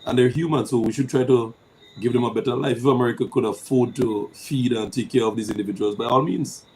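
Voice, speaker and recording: A man's voice: medium pitch, fairly even intonation, fast talker, a little mellow, a little hiss or hum, poor audio. A man, co-hosting a call-in show, giving earnest, casual commentary.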